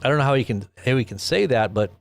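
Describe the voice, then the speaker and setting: A man's voice: mid-range voice, lively intonation, fast, creaky. A man hosting a news commentary show, rambling and preachy, repeating himself and firing off rhetorical questions. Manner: preachy, quotes scripture.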